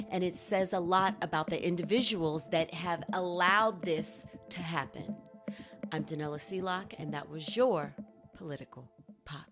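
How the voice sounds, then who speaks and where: Indignant woman hosting news commentary. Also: on the low side. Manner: animated, indignant, talks straight to viewers. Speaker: show host.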